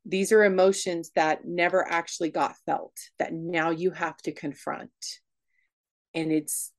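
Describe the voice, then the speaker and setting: A woman telling a raw personal story in an interview, candid and emotional, speaking in quick bursts with frequent restarts. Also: lowish voice, steady tone. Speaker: guest.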